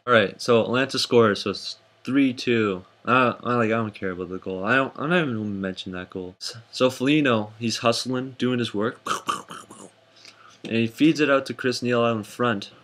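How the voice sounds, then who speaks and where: A young man casually recapping hockey games for his vlog, jokey and excitable, with sudden high whoops. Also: normal speed. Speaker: hockey fan vlogger.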